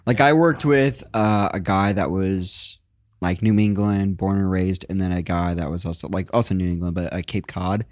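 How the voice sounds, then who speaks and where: A man's voice: low-pitched, normal speed, no echo. A young man co-hosting a podcast, talking in a laid-back, rambling way with many fillers. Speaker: podcast co-host. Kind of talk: casual chat.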